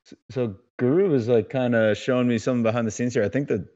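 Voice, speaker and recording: A man guesting on a podcast, talking in a relaxed, easygoing way. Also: medium pitch, fast talker, dull audio. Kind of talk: casual sports betting chat.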